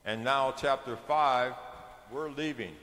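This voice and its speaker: Older man, earnest exhorting sermon, mid-pitched voice, roomy hall with long reverb. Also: slow, a bit bright. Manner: earnest, exhorting, rising in force toward the end. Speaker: senior devotee speaker. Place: large temple hall.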